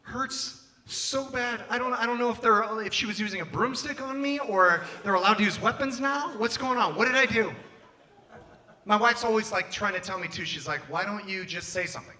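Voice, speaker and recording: A young man doing a stand-up comedy set, animated and acting out scenes in put-on voices on a club stage. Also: high-pitched.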